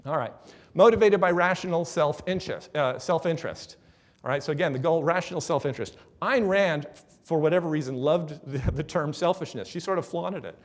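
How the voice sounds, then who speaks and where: A fairly high-voiced man gives a conference talk as a business speaker. His delivery is conversational and lively. He keeps tossing "right?" to the room and acting out quick voices with a laugh. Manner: acts out quoted voices and laughs at his own examples.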